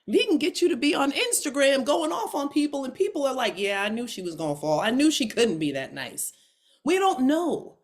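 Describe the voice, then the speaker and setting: A woman's voice: a little high, darkish tone. A woman coach teaching an online class, telling personal stories in a frank, informal way to her audience. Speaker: coach and advisor.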